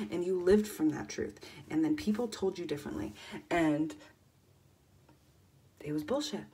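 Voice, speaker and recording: A woman in her thirties on a motivational livestream, talking fervently and swearing constantly, swinging between loud emphasis and near-whispers. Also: fairly low pitch. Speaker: life coach.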